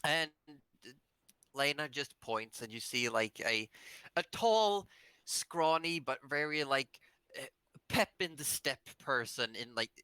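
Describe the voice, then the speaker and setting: Australian male game master, bright tone, loose rambling narration. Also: medium pitch, slow pace, clear, resonant tone, no room sound. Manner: relaxed rambling narration with many fillers. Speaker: dungeon master.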